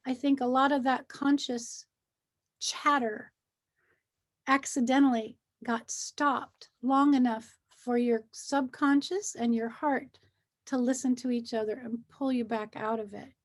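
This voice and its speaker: A woman's voice: high-pitched, a little slow. A middle-aged woman speaking as a guest in a casual conversation, explaining feelings earnestly and acting out what people say to themselves. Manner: earnest, animated, acts out feelings while explaining. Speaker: guest, hypnosis practitioner.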